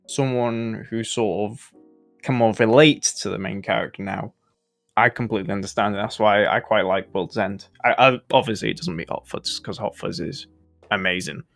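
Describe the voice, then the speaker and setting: A man co-hosting a casual podcast, talking in a relaxed way. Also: fairly low pitch, moderate pace, gravelly, soft background music. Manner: relaxed, mimics regional voices in jokes. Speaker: podcast co-host.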